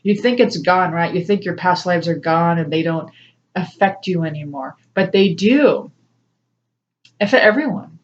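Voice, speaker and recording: A woman's voice: lowish voice, moderate pace, muffled recording. Chatty woman sharing spiritual stories. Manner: chatty, laughs often, acts out voices in quotes. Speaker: spiritual coach and tarot reader. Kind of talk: casual personal talk to camera.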